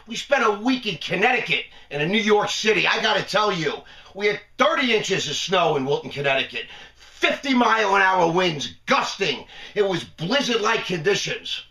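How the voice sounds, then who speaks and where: A man hosting a live webcast monologue, talking in a playful, jokey way with drawn-out emphasis. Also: high voice, gravelly, bright, forceful tone, echoey room, far from the mic. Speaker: host.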